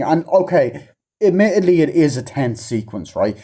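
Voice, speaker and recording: A man's voice: mid-range voice, expressive, fairly quick, mellow. A man giving a casual, rambling movie review, swearing constantly and acting out characters' lines in a raised voice.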